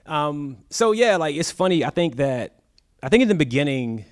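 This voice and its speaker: A man's voice: fairly high pitch, normal speed. A man, an author at a live bookstore event, telling anecdotes and acting out the quoted dialogue. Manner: lively storyteller, acts out quoted dialogue. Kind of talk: storytelling at a live book talk. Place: bookstore stage before an audience.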